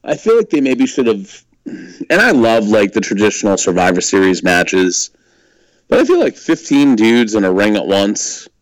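A man's voice: on the low side, very animated, moderate pace, no echo, low-quality recording. A man co-hosting a podcast, rambling and laughing a lot as he swears his way through casual wrestling chat. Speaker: podcast co-host.

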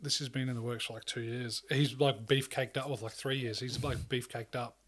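A young man co-hosting a casual podcast chat, swearing freely, rambling and breaking into loud laughter. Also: mid-range voice, fairly even intonation, fairly quick. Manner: crude, joking, laughs loudly and rambles. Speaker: podcast co-host.

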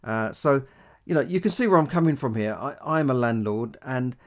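A man's voice: medium pitch, expressive, moderate pace. A man hosting a money podcast as a landlord, talking in an emphatic, indignant way. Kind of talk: casual podcast commentary.

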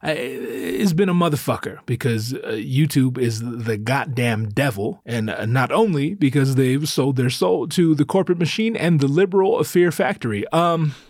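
Guy hosting his podcast, bit out of breath, swears a lot, rambly dark jokes, mid pitch, dry mic. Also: lively intonation, normal speed, few pauses, no echo. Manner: profane, rambling, darkly self-mocking. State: a little out of breath. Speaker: podcast host. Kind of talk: casual solo podcast monologue.

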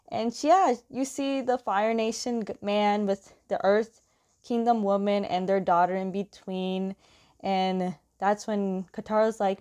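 A woman's voice: mid-range voice, a little mellow. A young woman casually recapping a story, chatty and laughing often, with lots of filler words. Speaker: comic recap host.

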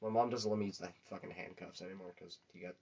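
A man's voice: deep voice, steady tone, fast talker, a little mellow, husky. A young man chatting casually on a podcast, telling rambling, crude, profanity-laden stories. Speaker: podcast co-host. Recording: dull lo-fi recording.

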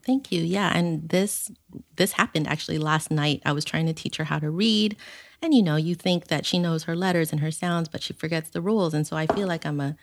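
A mother speaks as a guest and shares a parenting story in a candid, heartfelt way. Her voice is very low for a woman and the recording is dry and close. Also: brisk, no room sound. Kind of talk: personal storytelling.

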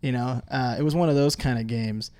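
A man co-hosting a podcast, joking and getting excited in casual chat. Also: medium pitch, brisk. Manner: joking, excitable, says bro and dude. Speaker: podcast co-host.

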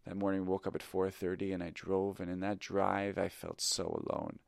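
A middle-aged man tells a confessional story with a very low voice and a gravelly edge of fry. He speaks in a reflective, candid, self-critical way, like an improv teacher thinking out loud. The recording is close and dry. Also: flat delivery, moderate pace, no room sound.

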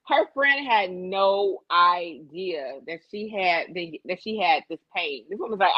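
A woman in casual chat who tells stories with lots of swearing and laughter. Her voice swings widely in pitch as she gets into the retelling. The recording is dry and a little muffled. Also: measured pace, hardly any pauses, no echo. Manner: animated, profane storytelling with lots of laughter.

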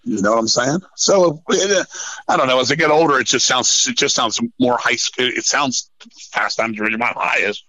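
A middle-aged man telling stories in a casual podcast chat, swearing often and rambling in an animated way. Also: mid-range voice, a little fast, no echo, rough recording. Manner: profane, animated, rambling storyteller. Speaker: podcast guest, metal musician.

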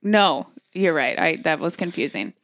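A young woman co-hosting a casual chat, telling stories in an animated, profane way. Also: sits low, normal speed, no room sound. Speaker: podcast co-host.

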